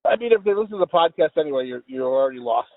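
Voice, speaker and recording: A man's voice: high voice, big pitch swings, racing, vocal fry, no echo. Stuffy, mumbling man in his forties. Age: 40s. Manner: laughs often, swears freely. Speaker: podcast co-host. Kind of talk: casual chat. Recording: tinny phone-like call audio.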